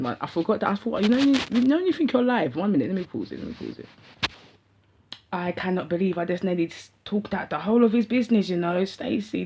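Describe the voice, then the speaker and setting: A young woman with a London accent telling a rambling personal story to camera in slangy, animated talk. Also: fairly low pitch, slightly rough. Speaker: vlogger. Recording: dull lo-fi sound.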